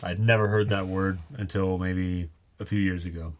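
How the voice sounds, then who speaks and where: A man's voice: low-pitched, fairly even intonation, normal speed, slight background noise. A man co-hosting a reaction show, laid-back, mostly chiming in with short agreement. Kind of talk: casual chat.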